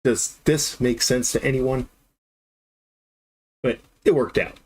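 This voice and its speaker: A man's voice: mid-range voice, takes it slowly, slightly rough. Rambling man telling a story on stream. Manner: rambling, animated storyteller who acts out the dialogue. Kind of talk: casual storytelling on a live stream.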